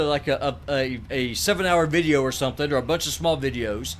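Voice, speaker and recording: A man's voice: fairly high pitch, slight background noise. A middle-aged man, chatting bluntly and ramblingly while streaming a game from a desk mic. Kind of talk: casual live-stream chat while gaming.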